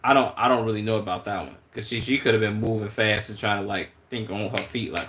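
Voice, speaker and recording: A man's voice: fairly low pitch, fast, hardly any pauses, slight background noise. Laid-back streamer man with a Chicago accent. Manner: relaxed, thinking aloud with slang and restarts. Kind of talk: casual live-stream commentary.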